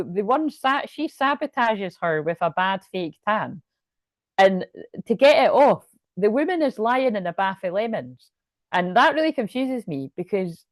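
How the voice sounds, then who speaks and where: A woman's voice: medium pitch, no room sound, clean studio sound. A woman giving a casual, rambling tarot reading, laughing often and restarting sentences. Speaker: tarot and astrology reader.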